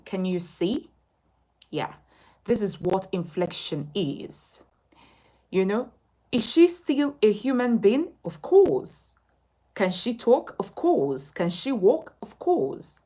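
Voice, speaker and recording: A woman coaching communication in a live lesson, her voice swinging high and low as she stresses each point. She speaks slowly and deliberately, often asking questions and answering them herself. Her tone has a slightly husky edge. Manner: animated, emphatic, asks and answers its own questions. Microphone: phone.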